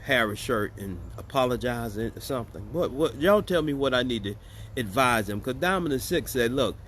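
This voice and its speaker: Man, host, casual commentary, sarcastic, joking, chatty, mid pitch, faint background hiss. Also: expressive, normal speed, fairly bright tone. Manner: joking, sarcastic and chatty, addressing viewers as y'all.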